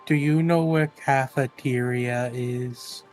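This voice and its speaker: A man's voice: mid-range voice, fairly even intonation, takes it slowly, faint music behind, lightly acted. A man voicing a simple-minded male wizard who speaks in blunt, broken short sentences. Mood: plain.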